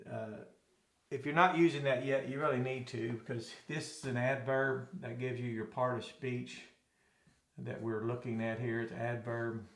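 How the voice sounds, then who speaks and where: Bible teacher, a man from Arkansas, walks a class through Greek grammar in a roomy, echoing space. His voice sits at an ordinary middle pitch. He rambles, corrects himself and drops folksy asides. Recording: echoey room.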